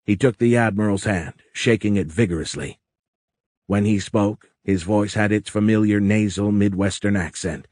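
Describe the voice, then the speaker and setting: A man narrating an audiobook in a steady, even storytelling delivery. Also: lowish voice, normal speed, no echo, studio quality. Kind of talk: scripted narration.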